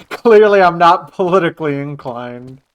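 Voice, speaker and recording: A man's voice: fairly high pitch, animated, a little slow, smooth, muffled recording. A man streaming a game live, joking casually with his viewers. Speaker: livestreamer. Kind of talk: casual gaming livestream chat.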